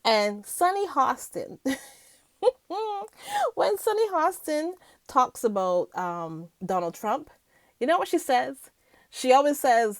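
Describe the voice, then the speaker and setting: A woman's voice: high-pitched, big pitch swings, slow pace, pauses often, no room sound. A woman vlogger chatting casually to her viewers about the news, giggling often and filling her talk with ums. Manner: chatty, giggly, lots of fillers.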